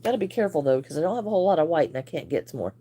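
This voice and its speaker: A woman's voice: deep voice, very animated, very fast, mellow, breathy edge. A woman hosting a casual crochet livestream, chatting and greeting viewers by name with frequent laughs.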